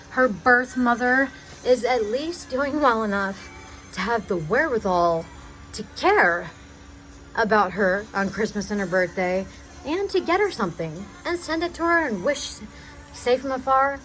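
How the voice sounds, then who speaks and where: Young woman, pleading video message, halting and agitated, faint music underneath. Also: on the high side, low-quality recording. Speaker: vlogger addressing her father. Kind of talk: emotional personal video message.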